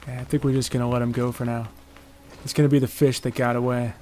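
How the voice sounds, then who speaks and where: A man's voice: mid-range voice, level tone, fast talker, dark tone. A man giving casual, chatty commentary on his own moves as he plays a video game. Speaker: gameplay commentator.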